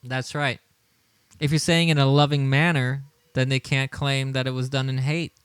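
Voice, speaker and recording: A man's voice: medium pitch, flat delivery, moderate pace, fairly bright tone, smooth, no room sound. A man hosting a political livestream, talking with indignation, often repeating his words and chuckling as he reads the chat. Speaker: livestream show host.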